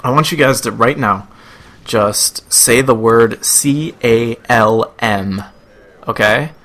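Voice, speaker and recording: Bright-voiced young man from Buffalo. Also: mid-range voice, slow. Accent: Buffalo, New York. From Buffalo, New York. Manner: rambling, chatty, self-amused. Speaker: gameplay commentator. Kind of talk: casual rambling video game commentary.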